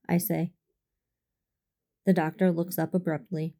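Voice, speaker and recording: A woman reading a first-person fan fiction story aloud in a measured, formal, restrained manner. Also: lowish voice, level tone, creaky, dark tone. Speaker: audiobook reader.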